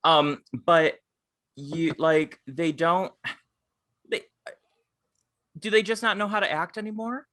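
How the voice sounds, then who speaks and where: A man co-hosting a podcast, chatting casually and telling stories in an animated way, swearing freely. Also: a little high, takes it slowly, pauses often, no echo. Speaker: podcast co-host. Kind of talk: casual chat.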